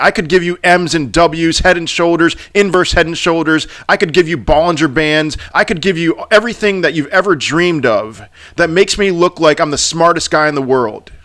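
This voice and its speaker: A man with a fairly high voice rants about the market in a vlog, animated and exasperated. He tends to repeat himself as he works up steam. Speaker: crypto YouTuber.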